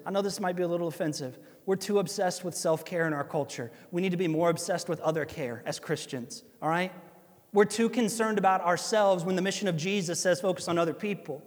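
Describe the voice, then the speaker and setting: A pastor with an Ohio accent preaches a sermon in an animated, conversational style, making asides to his listeners. His voice sits high, and the recording carries a long hall reverb.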